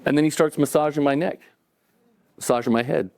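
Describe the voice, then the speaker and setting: A man's voice: a little high, fairly quick, darkish tone, a little hiss or hum. A man telling a true story to a live audience at a cafe event, in a conversational way that acts out the dialogue. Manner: conversational, acting out dialogue, chuckling between lines.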